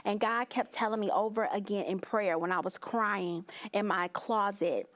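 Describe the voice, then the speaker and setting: A woman's voice: mid-range voice, steady tone, normal speed, few pauses, fairly bright tone. A woman guest sharing a fervent faith testimony in an interview, often repeating her phrases. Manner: fervent, repeats phrases, voice rises when recounting prayers. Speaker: guest, pageant winner and speaker.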